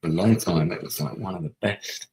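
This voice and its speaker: Middle-aged male streamer, low and husky, casual muttered game commentary. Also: a little fast, darkish tone, low-quality recording. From England. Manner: muttering to himself, thinking aloud. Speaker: streamer playing a strategy game.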